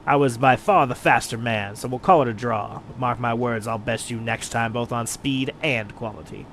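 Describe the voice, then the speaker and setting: A man's voice: medium pitch, moderate pace, fairly bright tone, a little hiss or hum, lightly acted. A man voicing a proud, competitive male master miner with a haughty, blustering manner.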